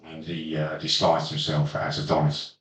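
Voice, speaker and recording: Deep-voiced man, dry and teasing. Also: monotone, moderate pace. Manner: dry, teasing, chuckles often. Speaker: podcast host leading the discussion. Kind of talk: casual podcast chat. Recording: roomy, distant mic.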